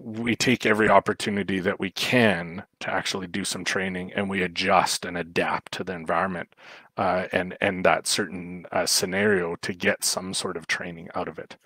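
A dog trainer gives a livestreamed talk on raising puppies, explaining at length with plenty of fillers and restarts. His voice is low yet a bit bright, with no echo.

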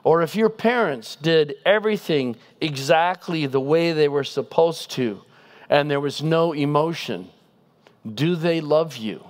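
A man giving a guest sermon in a conversational style, animated and asking the congregation rhetorical questions. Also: a little high, a little slow. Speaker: guest preacher.

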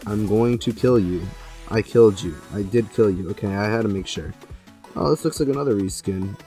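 A young man giving gameplay commentary, excitable, jumping from loud outbursts to low mumbling. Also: fairly quick, faint music behind. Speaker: gaming YouTuber.

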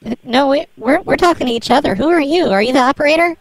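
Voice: high voice, fast, voice pushed up. A prank caller playing a brash, foul-mouthed woman neighbor who bosses people on the phone. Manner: rude, bossy, swears a lot.

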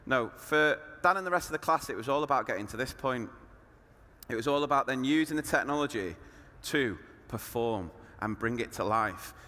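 A man, a primary school teacher giving an animated talk to other teachers, full of rhetorical questions. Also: medium pitch, in a large hall. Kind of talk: lively presentation to teachers.

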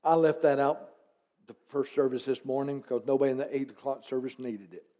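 A man's voice: medium pitch, steady tone, fairly quick, mellow. A man pastor preaching a conversational sermon in church, asking the congregation rhetorical questions and dropping teasing asides.

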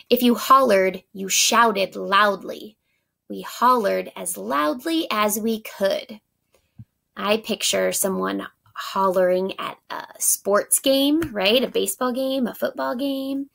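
Woman teacher for a children's vocabulary lesson; unhurried, encouraging delivery with a gravelly edge. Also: medium pitch. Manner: slow, clear, encouraging, counts along with the child.

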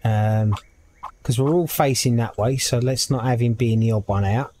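A man's voice: mid-range voice, fairly even intonation, moderate pace, dark tone. A man casually commenting on a game as he plays, thinking aloud and reading the on-screen text. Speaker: gaming video creator. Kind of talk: casual let's-play commentary.

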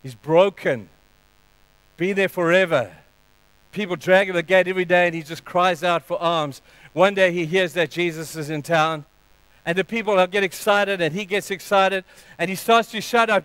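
Preacher guy, high pitched, acts out the bible bits, dry close sound. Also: moderate pace, a bit bright, clear, resonant tone, no room sound, rough recording. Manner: dramatic, acts out Bible scenes in quoted voices. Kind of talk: sermon.

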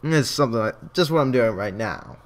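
A man's voice: mid-range voice, expressive, a little fast. A young man casually chatting and joking while playing a video game on a livestream. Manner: joking, laughs often. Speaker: let's play co-host.

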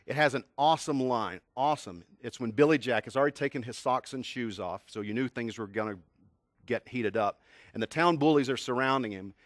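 A man in his fifties from Tennessee tells a personal story in an animated motivational talk. His voice sits in a middle pitch, and he asks his audience frequent questions. The sound is dry and close. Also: fairly quick, no room sound. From Tennessee, USA. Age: 50s. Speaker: communication skills speaker.

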